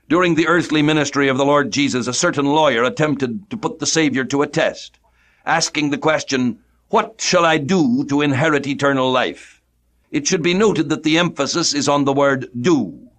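A middle-aged man from the United States preaching a radio sermon with a formal, measured cadence. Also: mid-range voice, a bit bright.

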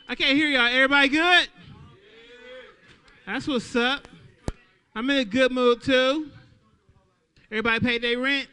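A man doing a stand-up comedy set at an open mic, talking loudly and playing out little voices for the crowd. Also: very high-pitched, smooth. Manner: loud, animated crowd work with acted-out voices.

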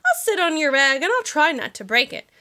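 A woman voicing a gentle, faithful male elephant who speaks earnestly in a storybook reading. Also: sits high, big pitch swings, fairly quick, exaggerated voice.

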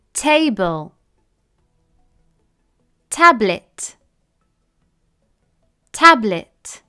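Slow, bright-voiced woman teacher. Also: on the high side. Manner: says each word twice with long pauses, careful and deliberate. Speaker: English teacher. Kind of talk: slow, clearly enunciated word-list reading.

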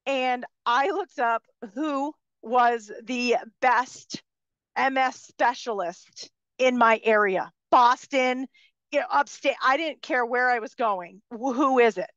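A woman's voice: on the high side, slow, a bit bright, no echo, highs cut off. A woman giving a personal storytelling talk, speaking in a passionate, vocal way. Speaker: speaker at a live talk event.

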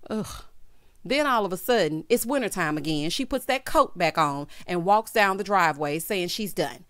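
A woman's voice: fairly low pitch, moderate pace, no room sound. A woman giving a sassy, casual recap of a reality TV show, mimicking the cast as she goes. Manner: sassy, animated, mimics the cast in quoted voices.

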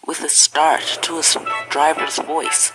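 Storybook narrator, steady expressive telling, middle pitch, loud music behind. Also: slow pace, low-quality recording.

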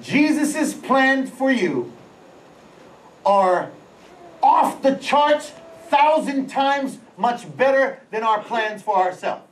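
A man, senior pastor, preaching a lively, animated live sermon. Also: extremely high pitch, slow, distant mic. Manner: lively, animated, with sound-effect words. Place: large auditorium during a church service. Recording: echoey hall, voice away from the mic, faint ambience.

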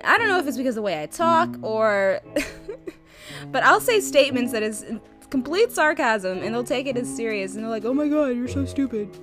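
A young woman narrates her own gameplay in a casual, sarcastic way and chats straight to the creatures on screen. Her voice sits a little high and leaps up and down with a lot of expression. Faint game music plays under her talk. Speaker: let's play gamer. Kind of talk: casual let's play commentary.

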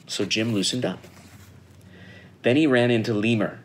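A middle-aged man reading a children's picture book aloud in a friendly, animated storytelling manner. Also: medium pitch, normal speed. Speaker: guest reader.

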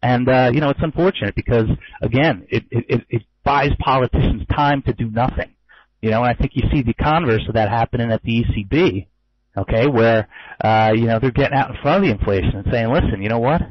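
A man's voice: mid-range voice, brisk, no room sound, muffled recording. A man who trades forex giving a loose, casual market commentary webinar, with many fillers and wry asides. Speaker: forex trader and trading educator.

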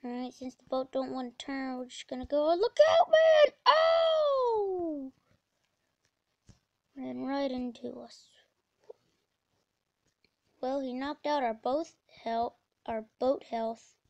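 A woman giving casual, rambling commentary while playing a video game, breaking into sudden excited exclamations. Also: sits high, a little slow, vocal fry, dry recording, dull audio. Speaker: let's play gamer.

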